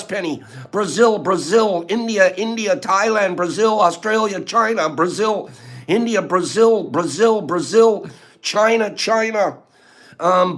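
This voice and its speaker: A man hosting a casual live stream, upbeat and reading viewer answers aloud in quick bursts. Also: sits high, fairly bright tone.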